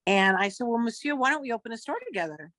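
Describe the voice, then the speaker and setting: A guest actress in her fifties tells lively stories in a casual interview, acting out the quoted dialogue as she goes. Her voice is fairly high and quick, with no echo.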